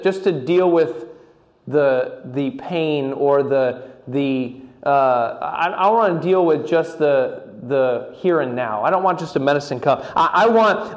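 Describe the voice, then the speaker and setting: Man preaching with restarts, slightly high. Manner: repeats words with many restarts, slows on key phrases. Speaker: pastor. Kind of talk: sermon.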